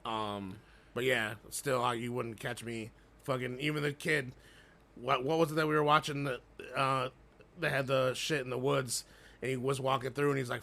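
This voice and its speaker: Laid-back podcast dude, gravelly and kinda sharp sounding, swears nonstop. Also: male voice, mid-range voice, level tone, normal speed. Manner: laid-back, swears constantly, laughs a lot. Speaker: podcast co-host. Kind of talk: casual podcast chat.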